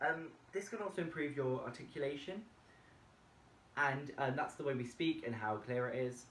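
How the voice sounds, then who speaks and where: A man presenting a vocal warm-up tutorial and explaining each step plainly. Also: medium pitch, moderate pace, slight background noise. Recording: echoey room, distant mic, faint music. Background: faint backing music from a laptop.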